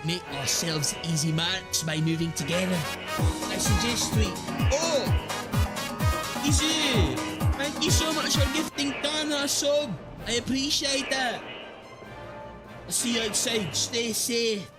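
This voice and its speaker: Man, game streamer, from the Philippines, high voice, unhurried, excitable, game music behind. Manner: chatty, excitable, reads game text aloud. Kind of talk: casual live-stream chatter while playing.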